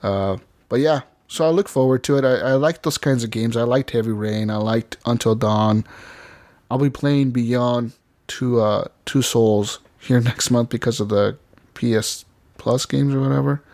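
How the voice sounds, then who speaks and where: A man's voice: medium pitch, normal speed, a little mellow, dry recording. A man co-hosting a gaming podcast, telling a long story with lots of fillers, laughs and acted-out lines. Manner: rambling, laughing, acts out game lines. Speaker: podcast co-host. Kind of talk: casual gaming chat.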